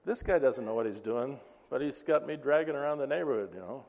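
A man's voice: mid-range voice, expressive, brisk, gravelly, a little mellow. A man preaching a sermon, telling a story and acting out the dialogue. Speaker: pastor. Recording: reverberant hall.

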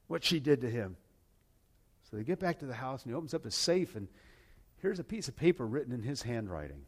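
Older man, earnest storyteller, plain mid-pitched voice, halting delivery. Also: big pitch swings, breathy edge. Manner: earnest, halting retelling with repeated words. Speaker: personal testimony speaker. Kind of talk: personal storytelling.

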